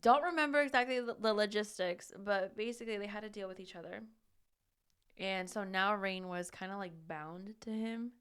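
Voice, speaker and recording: A woman co-hosting a podcast, chatting about a novel in a relaxed way, adding short replies and jokes. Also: medium pitch, moderate pace, smooth. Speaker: podcast co-host. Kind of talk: casual book chat.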